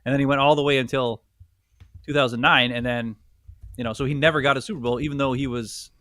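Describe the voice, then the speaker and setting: Fast talking bright voiced guy, cohost arguing his picks, dry mic. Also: mid-range voice, no echo. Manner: excitable, argues his picks, swears a little. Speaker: co-host of a sports talk show. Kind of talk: casual sports chat.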